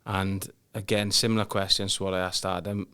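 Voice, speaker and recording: Low flat guy hosting a podcast, crisp bright voice, asks leading questions. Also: brisk. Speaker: podcast host. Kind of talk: interviewing.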